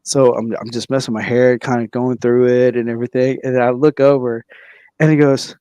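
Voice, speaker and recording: A young man rambling through a comedic story on a podcast, stumbling over restarts and piling on fillers. His voice sits at a middle pitch, recorded close and dry with no room sound. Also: little pitch movement, warm tone, clear, resonant tone, no room sound. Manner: halting, many restarts and 'like'. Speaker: podcast co-host.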